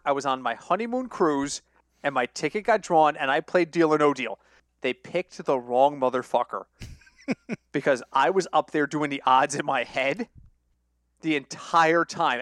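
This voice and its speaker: A young man co-hosting a casual sports betting podcast, telling stories with lively acted-out quotes and frequent laughter. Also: fairly high pitch, clear, resonant tone, no echo, clean studio sound. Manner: animated storyteller, acts out quoted voices, laughs often. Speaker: podcast co-host.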